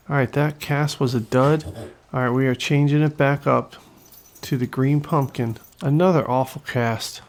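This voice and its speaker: Excitable man commentating a fishing game. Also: mid-range voice, vocal fry. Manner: excitable, swears when frustrated, jokey. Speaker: gaming channel host. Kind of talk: casual gameplay commentary.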